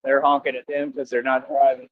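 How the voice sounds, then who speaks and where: With a mid-range, monotone voice at a slightly fast pace, a man livestreams casually from outdoors near traffic. Preachy and rambling, he repeats himself while requesting donations from viewers, in dull lo-fi stream audio.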